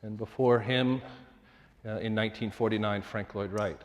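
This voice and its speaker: A middle-aged man giving a public lecture on architecture, measured and formal, with frequent fillers and restarts. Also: on the low side, fairly even intonation. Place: lecture hall with long reverb. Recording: lecture hall reverb.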